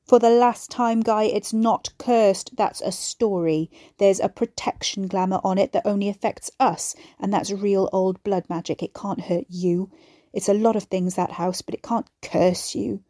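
A woman voicing a domineering older mother with a raspy voice who speaks in hard, cold, commanding tones. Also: mid-range voice, steady tone, normal speed, dark tone, no room sound, clean studio sound, natural voice.

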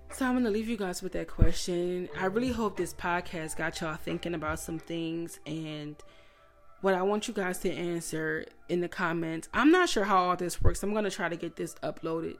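A woman with a fairly low voice hosts her own podcast, thinking out loud in a casual, reflective way. She keeps asking rhetorical questions, laughs at herself now and then, and her emotion is close to the surface. Soft music plays faintly behind her. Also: moderate pace. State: emotional, voice breaking. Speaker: podcast host. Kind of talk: casual solo podcast monologue.

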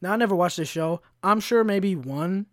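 A man's voice: sits high, moderate pace, no room sound, clean studio sound. A young man hosting a solo podcast, ranting in a heated, profane, casual way. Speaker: podcast host.

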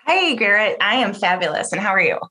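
A woman guest on a podcast interview, upbeat and quick, chatting casually about her work and often laughing. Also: medium pitch, sing-song, sharp tone.

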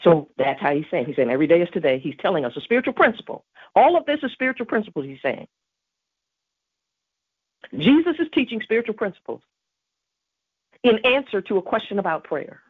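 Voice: mid-range voice, sing-song, fairly quick, pauses often, husky, no room sound. A podcast host giving an emphatic devotional teaching on prayer, repeating key phrases. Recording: tinny phone-like dry recording.

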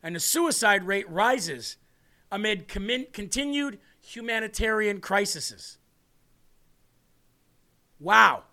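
A man's voice: high voice, expressive, slow, pauses often, pushed and bright. A man hosting a political talk show, rambling and sarcastic as he speaks to the audience. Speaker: show host.

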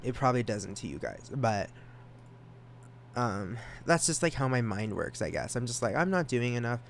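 Rambling, excitable young man. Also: fairly low pitch, moderate pace, gravelly, slight background noise. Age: young adult. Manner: rambling, excitable, self-conscious, with stammered restarts. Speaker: podcast host. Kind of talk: solo casual podcast chat.

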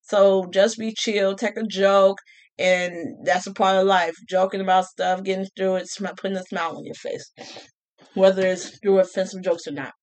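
A woman's voice: mid-range voice, level tone, normal speed, a little hiss or hum. A young adult woman talking casually to camera, joking, laughing often and repeating her phrases. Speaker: vlogger.

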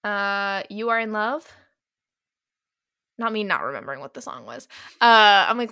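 A woman's voice: mid-range voice, expressive, unhurried, pushed and bright, smooth, no room sound, clean studio sound. A young woman co-hosting a podcast, talking through book picks in an easygoing, wry way. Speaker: podcast co-host. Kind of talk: casual chat about romance novels.

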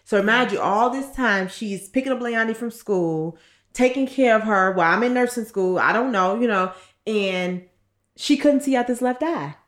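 A woman's voice: fairly high pitch, normal speed. A woman in her thirties, co-hosting a podcast and telling a personal story in a candid, blunt way, swearing freely and acting out what others said. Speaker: podcast co-host. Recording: roomy echo.

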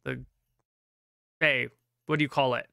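A man's voice: mid-range voice, steady tone, a little slow, vocal fry, pushed and bright, clear, resonant tone, no echo, clean studio sound. A man narrating a tabletop game as game master over an online voice call, rambling and searching for words with many fillers.

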